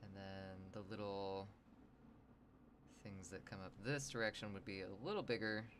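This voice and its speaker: There's a noisy background as a man streams his drawing session, speaking at a moderate pace in a lowish, steady voice. He rambles, jokes around and chats casually with his viewers while he sketches.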